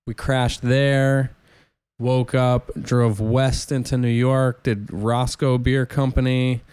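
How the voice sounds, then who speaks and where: A man's voice: mid-range voice, takes it slowly, clear, resonant tone, no room sound. A man who is a touring stand-up comedian, telling casual rambling road stories with lots of restarts. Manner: rambling, self-interrupting, animated anecdotes. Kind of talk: casual storytelling chat.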